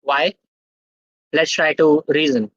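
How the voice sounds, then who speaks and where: A man's voice: fairly high pitch, steady tone, slow pace, fairly bright tone, no room sound, muffled recording. A young man, teaching a live online workshop. He quizzes the chat and keeps checking in with "okay?". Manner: interactive, quizzes the chat, tags sentences with "okay?". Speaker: guest speaker at a student tech workshop.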